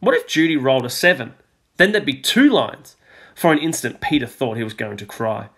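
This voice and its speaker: A male teacher reading a children's storybook aloud with expressive storytelling, dropping his voice on the speech tags. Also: medium pitch, fairly quick, breathy edge.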